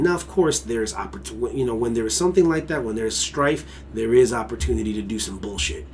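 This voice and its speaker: A man's voice: mid-range voice, a little fast, a little mellow, slight background noise. A man of Mexican heritage co-hosting a casual podcast. He rants in a heated, emphatic and profane way. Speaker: podcast co-host.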